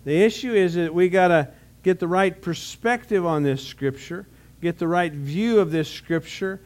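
A man's voice: high voice, moderate pace, a little mellow. A man pastor preaching a sermon in a conversational way, with rhetorical questions and frequent restarts.

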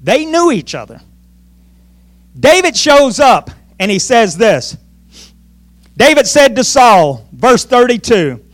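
High-pitched guy preaching, voice jumping all over, acts out the story, dry close sound. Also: sing-song, slow, long pauses, dry recording. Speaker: pastor. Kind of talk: sermon. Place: church.

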